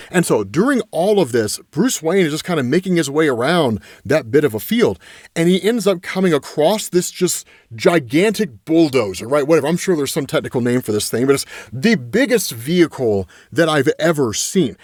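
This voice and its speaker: Animated man recapping comics. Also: a little high, moderate pace, no room sound, studio quality. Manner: animated, loose, fillers like "right" and "man". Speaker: comic book commentator.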